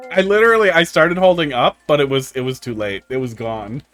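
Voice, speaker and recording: A man with a high, slightly bright, clean-toned voice streams a video game and chats casually with viewers, with faint music playing underneath. He tells rambling, profane tech stories laced with dry humor.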